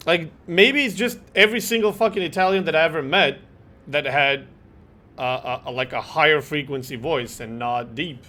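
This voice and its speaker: A man from Croatia chatting casually while streaming a game, animated and joking, swearing and laughing often. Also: a little high, a little slow, pauses often. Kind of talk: casual gameplay chat with chat replies.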